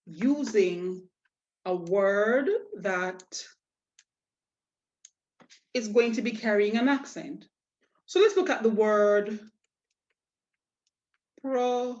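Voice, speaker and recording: A woman's voice: medium pitch, takes it slowly, pauses often, darkish tone, dull audio. A woman teaching a lesson, explaining patiently and spelling out letters one by one. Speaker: Spanish teacher. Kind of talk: online lesson.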